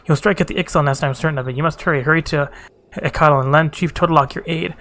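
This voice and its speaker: A man's voice: on the high side, steady tone, fast, a bit bright, slight background noise. A man reading a wounded, secretive young woman in a game, speaking earnestly and pleadingly.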